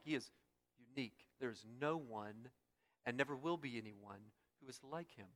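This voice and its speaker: A man preaching an expository sermon, building to loud emphatic peaks and dropping back to quiet, repeating phrases for weight. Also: medium pitch, normal speed. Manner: dynamic, swells loud on key points, drops soft after. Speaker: pastor.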